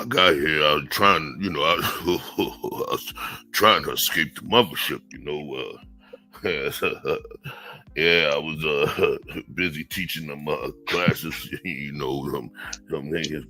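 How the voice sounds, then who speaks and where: A man plays a laid-back visitor escaped from a mothership, with a very deep yet bright, forceful voice. He talks in halting, hesitant bursts over faint music. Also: exaggerated voice.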